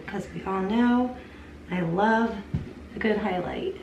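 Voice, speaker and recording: A chatty young woman vlogger with a slightly high voice talks her viewers through a makeup review. She sits a little away from the camera mic in an echoey room, with a faint hiss behind her. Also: takes it slowly, creaky, pauses often, darkish tone, distant mic. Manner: chatty, enthusiastic, addresses viewers as "you guys". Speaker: beauty vlogger.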